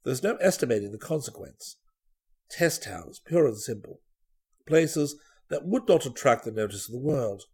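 A man reading aloud, voicing a worried older male spy chief with crisp, formal replies. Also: medium pitch, expressive, moderate pace, darkish tone. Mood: grave.

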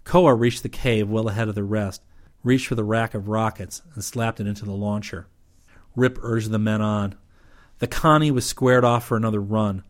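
A man narrates an audiobook in a steady, even storyteller's delivery. His voice sits on the low side, calm and measured from line to line.

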